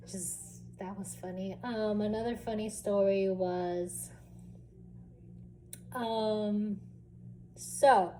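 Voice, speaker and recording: Young female vlogger, candid and relaxed, slow delivery, warm mellow voice. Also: medium pitch, a little hiss or hum. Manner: candid, relaxed, lots of fillers and some swearing. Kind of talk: casual storytelling vlog.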